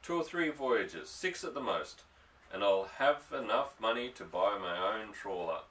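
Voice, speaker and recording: A man's voice: on the low side, animated, unhurried, a bit bright, recorded from a distance, poor audio. A male reader voicing an earnest young fisherman, coaxing and affectionate as he pleads.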